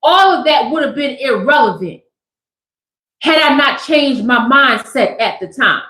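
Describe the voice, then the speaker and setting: A woman giving a casual tarot livestream, who says "tap in" often and slows right down to stress her points. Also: sits high, expressive, roomy sound, noisy background. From Southern California. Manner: emphatic, repeats "tap in" and "y'all"; slows way down for emphasis. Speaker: tarot reader and spiritual speaker.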